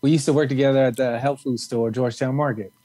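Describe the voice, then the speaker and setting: A man's voice: medium pitch, fairly even intonation, fast talker, dark tone, no room sound. A man co-hosting a comedy podcast, telling a story in a laid-back, blunt way with crude punchlines. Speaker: podcast co-host. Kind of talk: casual comedic chat and storytelling.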